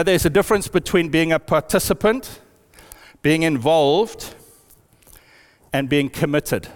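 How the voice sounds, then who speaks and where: A man preaching a sermon in a church hall, with animated storytelling. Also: a little high. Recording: long hall reverb.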